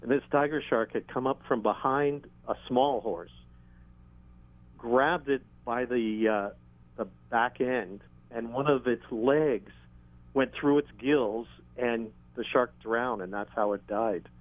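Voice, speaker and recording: A man being interviewed about documenting sharks, telling stories at an unhurried, halting pace with dry humor. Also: medium pitch, no echo. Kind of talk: conversational interview storytelling. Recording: tinny phone-line sound.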